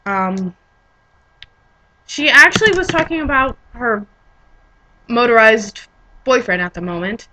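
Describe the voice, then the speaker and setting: Bright-voiced young woman vlogger, rambling. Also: medium pitch, slight background noise, low-quality recording. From Pennsylvania. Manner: chatty, rambling, self-correcting. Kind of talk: casual storytelling vlog.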